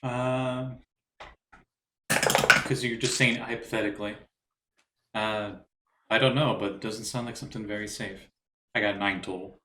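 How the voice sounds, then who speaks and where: A man's voice: fairly low pitch, fairly even intonation, unhurried, pauses often, background noise. A man playing a tabletop game, chatting casually and thinking aloud with hesitations. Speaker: player. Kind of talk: casual chat.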